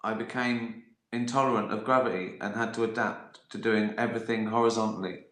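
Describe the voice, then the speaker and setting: A man's voice: on the low side, steady tone, a little fast, a bit bright. A man hosting a casual livestream, rambling through viewer questions with lots of fillers, restarts and casual swearing. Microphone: phone or laptop livestream. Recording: roomy echoey sound.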